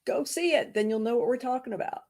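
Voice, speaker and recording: A woman hosting a casual interview, chatty and quick to laugh, wrapping up with her guest. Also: fairly high pitch. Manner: warm, laughs easily, chatty. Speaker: podcast host.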